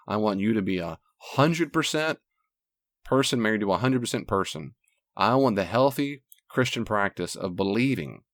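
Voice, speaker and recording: Earnest low-voiced male podcast host. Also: dry recording, studio quality. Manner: earnest, repetitive, direct address to listener. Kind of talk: Christian relationship podcast talk.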